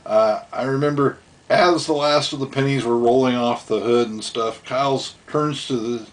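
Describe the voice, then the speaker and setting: This middle-aged storyteller speaks in a mid-range voice at normal speed with fairly even intonation. Relaxed at home, he rambles through tales of his younger days, chuckling and doing the voices of the people involved.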